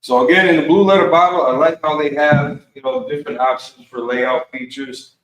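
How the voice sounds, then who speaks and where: A man teaches an online Bible class in a loose, casual way, dropping slang as he goes. His voice sits a little high and comes from away from the mic. The room around him is echoey. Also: steady tone, fairly quick, fairly bright tone, far from the mic. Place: Milwaukee, Wisconsin.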